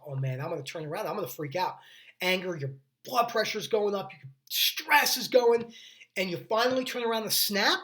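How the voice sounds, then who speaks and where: Hosting a mental health video, this young man has a high, sharp-toned voice. He talks earnestly yet casually, wandering off on tangents and frequently starting his sentences over, like a relaxed talking-head explainer.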